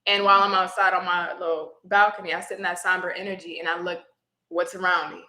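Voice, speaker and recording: A woman's voice: fairly low pitch, little pitch movement, fast talker, sharp tone, roomy sound, poor audio. A woman tarot reader, a guest in an interview, telling her personal story in a reflective way and becoming teary at times. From Houston area.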